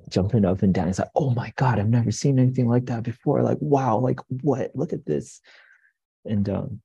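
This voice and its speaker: A young man and coffee shop owner, telling stories in a relaxed, rambling way with many fillers and restarts. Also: low voice, creaky, breathy edge, no echo, muffled recording. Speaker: guest, coffee business owner. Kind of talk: casual interview storytelling.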